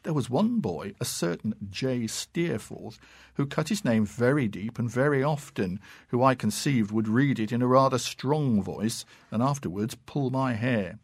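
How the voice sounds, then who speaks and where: A man reading classic fiction aloud in a measured, unhurried and expressive way. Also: mid-range voice, husky, no echo. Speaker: narrator.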